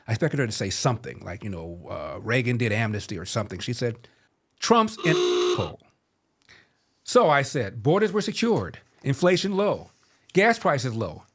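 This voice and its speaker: A man in his seventies hosting a podcast, telling a story and giving political commentary in a sardonic, measured way. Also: mid-range voice. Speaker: podcast host.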